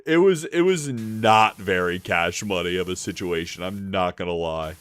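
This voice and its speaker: A man's voice: low voice, moderate pace, clean tone, no room sound. A man streaming live, telling a story in a rambling, casual way, with lots of fillers and swearing.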